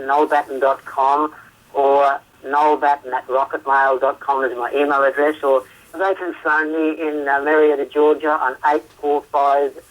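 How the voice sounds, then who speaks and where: A man from Australia with an Australian accent, talking as a guest therapist in a phone interview, chatty, laughing often and filling pauses with "uh" and "um". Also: a little high. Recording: radio show phone line.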